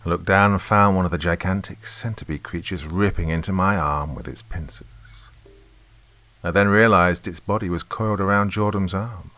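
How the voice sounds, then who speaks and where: A man's voice: deep voice, pushed and bright, no room sound. A man narrating a horror story in the first person, in a tense, dramatic way.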